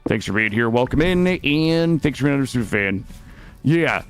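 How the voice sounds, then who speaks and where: A man's voice: medium pitch, lively intonation, moderate pace, smooth. Chatty man streaming games. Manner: swearing, chatty, swings between loud and muttering. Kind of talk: casual gameplay chat with viewers. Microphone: studio microphone.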